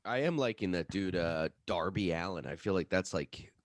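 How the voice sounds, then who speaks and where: A man's voice: low-pitched, expressive, moderate pace, no room sound. A man co-hosting a podcast in casual chat, rambling, stammering and joking. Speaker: podcast co-host.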